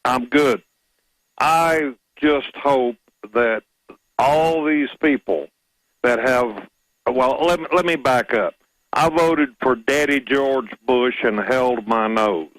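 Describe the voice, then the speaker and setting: A man calling in to a radio talk show, speaking in a measured, storytelling way. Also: mid-range voice, a bit bright, dry recording, low-quality recording. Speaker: caller. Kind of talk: phone-in radio call.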